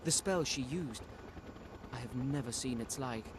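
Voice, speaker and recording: A man's voice: mid-range voice, a little slow, noisy background, close to an everyday voice. An actor playing a formal, learned nobleman who speaks in a composed way.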